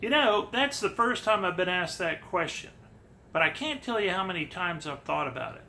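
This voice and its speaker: A man doing an impression of an old man who sounds completely winded and talks in a halting, evasive way. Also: high-pitched, very animated, creaky, bright, forceful tone, a little hiss or hum, heavily acted. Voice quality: breathless, winded delivery. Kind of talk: mocking impression in video commentary.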